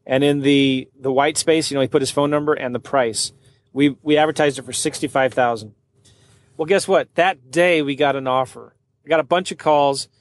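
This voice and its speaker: A man who works as a real estate wholesaler and podcast host, telling a story in a casual, animated way and acting out what other people said. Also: mid-range voice, normal speed, dry recording. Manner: animated, acts out other people's lines in quoted voices.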